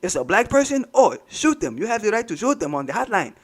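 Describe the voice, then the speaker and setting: A man's voice: high voice, big pitch swings, fast talker, pitched above the performer's own voice, full character voice. A man putting on the voice of a male hotline operator, in clipped, mocking lines.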